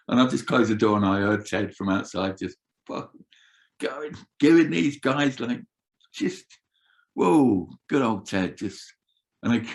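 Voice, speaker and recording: A man's voice: fairly low pitch, creaky. Older man telling road stories. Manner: animated, swearing, laughing. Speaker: interview guest, former roadie. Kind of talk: casual storytelling.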